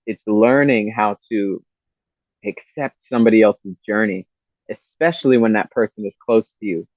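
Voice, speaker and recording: A man's voice: lowish voice, dry recording. A man, a podcast guest, giving earnest, rambling spiritual advice full of "you know" and "man". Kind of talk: spiritual talk in casual interview. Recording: tinny phone-like line.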